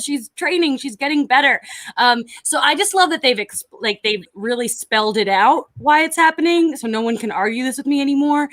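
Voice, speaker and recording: A woman's voice: on the high side, fairly bright tone, no echo. A woman co-hosting a casual chat show, talking enthusiastically with frequent giggles. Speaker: co-host.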